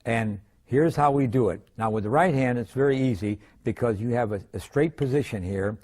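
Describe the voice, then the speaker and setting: An older man giving a drum lesson, explaining stick grips in a calm, methodical way with frequent pauses. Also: mid-range voice. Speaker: drum instructor. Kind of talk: demonstrating drum technique.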